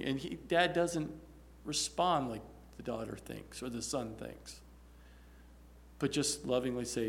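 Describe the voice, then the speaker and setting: A man's voice: on the high side, a little slow, a bit bright. A male pastor preaching an earnest, exhorting sermon about practicing love.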